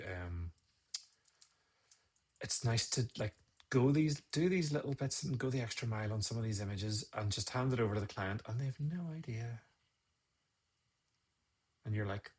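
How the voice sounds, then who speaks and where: A man's voice: mid-range voice, moderate pace, long pauses, slightly rough. A man, a photographer teaching photo editing on a live stream, muttering his steps aloud and scolding himself. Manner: muttering, self-scolding, chatty asides.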